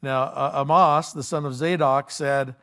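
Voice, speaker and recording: A man's voice: mid-range voice, fairly even intonation, measured pace, fairly bright tone. A male pastor preaching in a casual, conversational way, retelling a story in everyday words with frequent fillers and restarts. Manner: retells the story in everyday speech, acts out the quoted lines.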